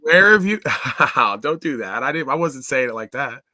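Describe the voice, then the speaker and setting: Bright-voiced, crude joking American host. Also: male voice, fairly high pitch, animated, normal speed, no room sound. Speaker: talk show host. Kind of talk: casual online talk show chat.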